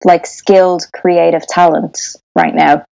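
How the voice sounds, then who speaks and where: A woman's voice: on the low side, flat delivery, unhurried, creaky, mellow, highs cut off. A woman in her thirties with an Irish accent, a sound engineer chatting casually as an interview guest. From Ireland. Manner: chatty, with frequent restarts and laughter.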